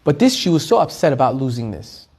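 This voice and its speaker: A man's voice: medium pitch, fast, vocal fry, husky. A man, a rabbi, telling a story in a sermon and acting out each character's lines. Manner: animated storyteller who acts out the characters' quoted lines.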